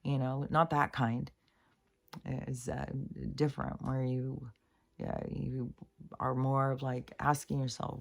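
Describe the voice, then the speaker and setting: A woman's voice: rumbling low, level tone, slow, gravelly. A middle-aged woman talking through a meandering spiritual monologue, earnest and casual, with swearing and many fillers. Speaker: spiritual vlogger.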